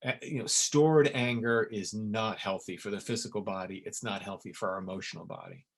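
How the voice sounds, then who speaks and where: A middle-aged man, an essence maker, gives a spoken webinar on emotional healing in a lowish, fairly quick voice. He's earnest and emphatic, repeating words for stress.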